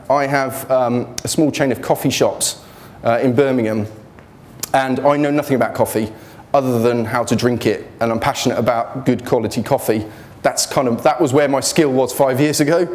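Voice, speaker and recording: A man's voice: medium pitch, a little mellow. A man giving an informal motivational talk about his business failures, blunt and joking, speaking in a students' union hall.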